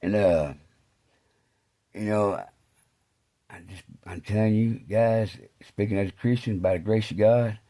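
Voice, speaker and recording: A man's voice: measured pace, long pauses. Rambling man telling loose stories. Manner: loose and repetitive, heavy on fillers like "man" and "you know"; drops low and quiet when speaking of faith. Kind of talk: rambling casual storytelling.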